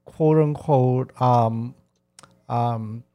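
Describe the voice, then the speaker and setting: A man's voice: mid-range voice, steady tone, very slow, mellow. A man hosting a podcast, chatting casually with many restarts and fillers. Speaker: podcast host.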